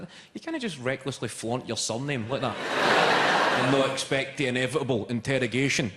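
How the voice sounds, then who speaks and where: A young Scottish man doing a stand-up comedy set, swearing and shouting punchlines, often laughing as he talks. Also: mid-range voice, lively intonation, a little fast, very noisy. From Scotland. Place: large comedy venue with live audience. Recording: echoey venue with loud crowd.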